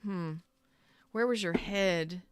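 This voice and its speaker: Speaking at a slow pace in a medium-pitched voice, a tarot reader delivers a casual reading to camera with blunt, sassy emphasis. She plays out what the listener might be thinking, and the recording is clean with no echo.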